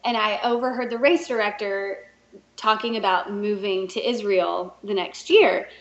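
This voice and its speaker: A woman guest on a podcast, telling a story in a lively, laughing way and acting out the people she quotes. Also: mid-range voice, moderate pace. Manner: animated, laughs often, puts on voices when quoting. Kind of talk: casual interview storytelling. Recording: roomy and dull, lo-fi.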